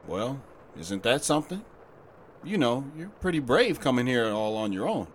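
A man playing a kindly butcher who jokes gently with a lost child. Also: medium pitch, big pitch swings, normal speed, a little hiss or hum, lightly acted. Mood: playful. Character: kindly middle-aged male butcher, playful and protective. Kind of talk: radio drama acting.

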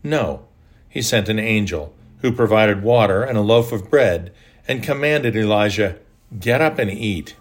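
Older male devotional narrator, lowish register, measured and reflective scripted read. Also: lively intonation. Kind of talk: scripted devotional reading with prayer.

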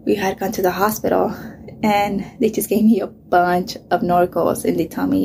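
Profane woman speaking in a low, gravelly voice. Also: fairly even intonation, normal speed, noisy background. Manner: blunt and profane, often dropping to a whisper. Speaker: vlogger. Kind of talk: casual storytelling.

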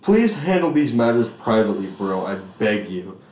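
A man's voice: lowish voice, very animated, moderate pace, a little mellow. A man co-hosting a podcast in casual chat, reading out text messages between bursts of laughter and frequent swearing. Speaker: podcast co-host. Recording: echoey room.

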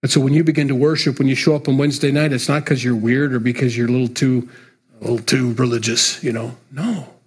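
A man delivers a sermon, his voice slightly husky and rough at the edges. He preaches in an earnest, emphatic way but keeps it conversational, as if talking straight to the congregation. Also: medium pitch, flat delivery, fast talker. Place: church.

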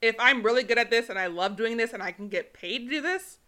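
A woman's voice: a little high, fast, pushed and bright. A young woman co-hosting a podcast, chatting casually and playfully as she recaps a movie plot. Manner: chatty, playful, mimics characters. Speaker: podcast co-host.

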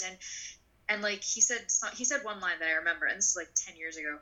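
A woman in her twenties telling a personal story in an interview, animated and full of "like", acting out the voices of people in her story. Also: fairly low pitch, fairly quick, low-quality recording. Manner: animated, acts out voices in quotes; filler-heavy, frequent "like". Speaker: guest.

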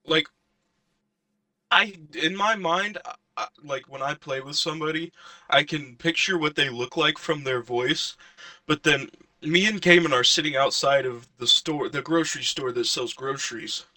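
Young male podcast guest, bright tone, relaxed anecdotes. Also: a little high, normal speed, no echo. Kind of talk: casual chat.

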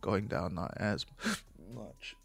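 A man's voice: sits low, slow pace, vocal fry, soft background music. A man talking casually as a host, rambling and swearing, often stopping to correct himself. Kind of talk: casual chat about fights.

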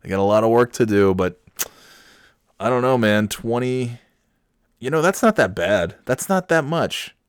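A man's voice: medium pitch, animated, measured pace, pauses often, clear, resonant tone, no room sound, studio quality. A man hosting a casual solo podcast, signing off in a rambling, sarcastic and crude way with mock-sincere pep talk. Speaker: podcast host. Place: at home on a Sunday night.

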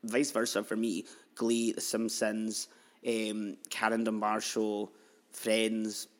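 Chatty man, lowish voice. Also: completely flat delivery, slow pace. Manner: chatty and heartfelt, full of "like" and quoted asides. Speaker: podcast host. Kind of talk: candid personal storytelling podcast.

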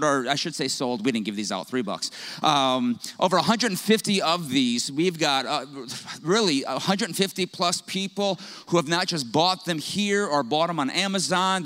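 A young pastor preaches to his congregation in a high, bright voice. He tells stories with a humorous, conversational touch and throws in quick asides. His delivery is lively and engaging. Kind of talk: sermon.

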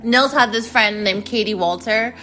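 A woman's voice: fairly high pitch, normal speed, bright, forceful tone, soft background music. A woman in her late twenties hosting her podcast, telling frank, casual stories about her freshman year and swearing freely. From United States. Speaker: podcast host. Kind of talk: casual solo storytelling.

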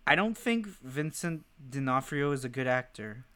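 A man's voice: medium pitch, expressive, moderate pace, pushed and bright. A man co-hosting a podcast, talking casually and animatedly, full of fillers and swearing. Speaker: podcast co-host. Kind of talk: casual chat. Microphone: podcast mic.

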